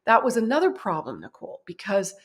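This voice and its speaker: A woman guest on a podcast, telling a personal story in a vivid, animated way and often laughing at herself. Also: medium pitch, fast talker. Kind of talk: personal storytelling in a conversational interview.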